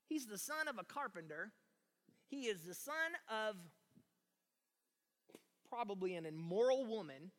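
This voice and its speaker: A man preaching a sermon as pastor, talking emphatically and building to loud shouts. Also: sits high, very animated, a little slow, pauses often. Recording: long reverb of a large hall.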